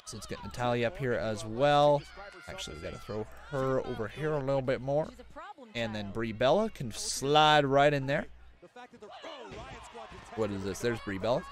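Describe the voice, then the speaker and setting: A man hosting a live stream who chats about a wrestling show as it plays and reads out viewer donations, getting excitable at big moments. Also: mid-range voice, normal speed, pauses often. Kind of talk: live wrestling reaction commentary.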